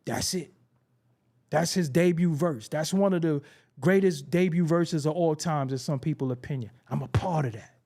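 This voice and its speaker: A man's voice: fairly high pitch, moderate pace, darkish tone. A man hosting a hip-hop talk show, telling stories in a casual, streetwise way full of slang, repeats and emphatic asides. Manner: frequent profanity and slang. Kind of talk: casual commentary monologue.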